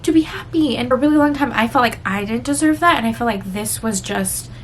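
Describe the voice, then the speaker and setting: A woman's voice: on the high side, fast talker, a little hiss or hum. A woman vlogger talking candidly and emotionally to her viewers in a rambling, confessional chat full of fillers. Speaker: book vlogger.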